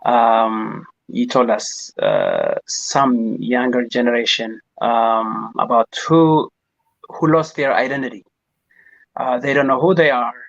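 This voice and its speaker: A man talks slowly and haltingly, pausing on fillers as he adds a point. His mid-range voice comes through dry, with no room sound, and dull, lo-fi audio. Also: mid-range voice, big pitch swings, creaky, dry recording. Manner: hesitant, many fillers. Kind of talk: casual talk show discussion.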